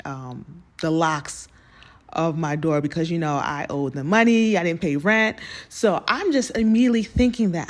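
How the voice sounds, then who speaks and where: Female host, personal storytelling, animated delivery. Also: fairly low pitch. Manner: animated, addresses listeners as y'all. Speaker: podcast host telling her story.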